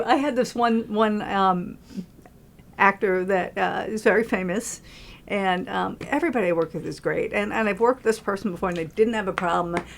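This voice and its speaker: Animated woman telling stories. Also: medium pitch, gravelly. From New York. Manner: animated storyteller, acts out quotes. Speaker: film producer. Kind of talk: casual podcast chat.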